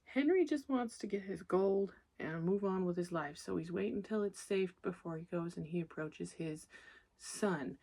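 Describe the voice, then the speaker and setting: A woman with a slightly low-pitched voice talks through a movie plot in a loose, chatty way. She swears freely, laughs at her own asides and wanders off on tangents before pulling herself back to the story. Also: moderate pace, dark tone. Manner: profane, candid, laughs often. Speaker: movie reviewer. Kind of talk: casual rambling movie recap.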